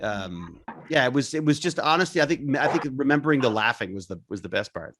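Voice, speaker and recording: A man chatting casually as a cast member at a reunion, rambling and self-deprecating, with many halting restarts. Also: mid-range voice, expressive, noisy background.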